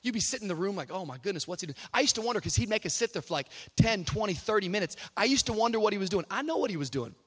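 A man's voice: high voice, lively intonation, rapid-fire, hardly any pauses, fairly bright tone, big-room sound. A young man preaching a sermon to a live church audience. He opens with comic stories and builds to fervent, half-sung preaching.

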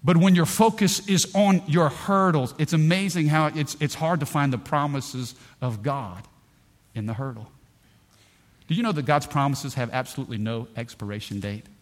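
A middle-aged man preaches to his congregation in a slightly high voice. He tells stories with energy, rising to loud bursts and dropping to near-hushed lines. He calls out to the people in the pews as he goes. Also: moderate pace. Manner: animated storytelling, swinging between loud bursts and hushed lines. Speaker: pastor. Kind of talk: sermon. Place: church.

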